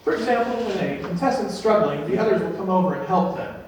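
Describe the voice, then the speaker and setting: A young man performing a stand-up comedy set with a dry, deadpan delivery that builds to punchlines. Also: high-pitched, quick pace. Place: comedy venue stage. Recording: echoey room, distant mic, faint noise.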